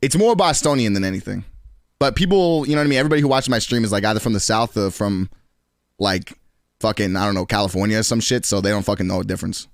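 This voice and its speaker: A man's voice: lowish voice, fast, no echo, studio quality. A man in his twenties with a New York accent, chatting loosely and profanely with his stream viewers, laughing often. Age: 20s. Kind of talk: casual chat with stream chat.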